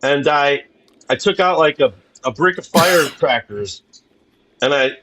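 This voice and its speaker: A man with a somewhat high voice who tells a story in a rambling, loose way. He keeps laughing mid-sentence as he goes. It is easygoing banter between comedians. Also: animated, a little slow, a bit bright, rough recording. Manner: rambling, laughs through his own story. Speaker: guest comedian.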